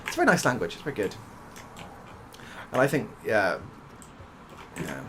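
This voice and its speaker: His pitch swoops wildly around a fairly low base as this young British ASMR gaming streamer chats softly over gameplay, rambling through a story and swearing occasionally. He talks at normal speed in a fairly bright tone. There's slight background noise.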